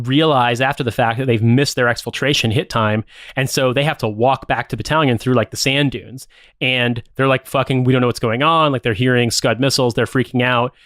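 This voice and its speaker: A podcast co-host with a mid-range, slightly bright voice casually recaps a film plot, rambling and profane, peppered with "like" and "uh." The recording is dry and studio quality.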